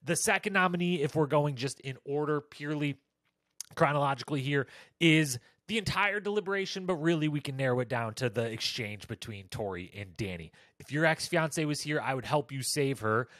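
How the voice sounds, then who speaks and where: A man talks through a reality-show episode in a casual commentary style. His voice sits a little high, and he jumps up further in pitch whenever he quotes someone. The sound is dry and close, with no room echo. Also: lively intonation, brisk, a bit bright. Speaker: recap podcast host.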